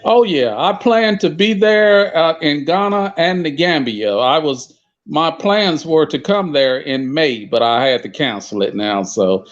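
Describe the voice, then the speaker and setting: A man's voice: fairly high pitch, animated, measured pace, muffled recording. A man chatting in a friendly way with the host over a call. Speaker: caller. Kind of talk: casual chat on a call.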